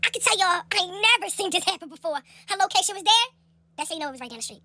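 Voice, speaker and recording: Rapid-fire bright-voiced young woman storyteller. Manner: animated, profane, slangy; acts out quoted people in a high voice. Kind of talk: casual storytime.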